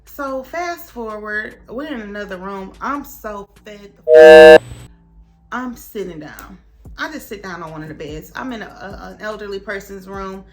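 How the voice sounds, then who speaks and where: A young woman vlogger telling a story in a casual, animated way, acting out the other people's lines. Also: mid-range voice, unhurried. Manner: animated, dramatic retelling with voices for others.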